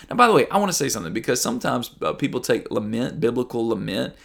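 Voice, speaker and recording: Gravelly-voiced man preaching a sermon. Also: medium pitch, sing-song, quick pace, hardly any pauses, fairly bright tone. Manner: earnest, conversational preaching with mock voices and Bible readings. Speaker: pastor.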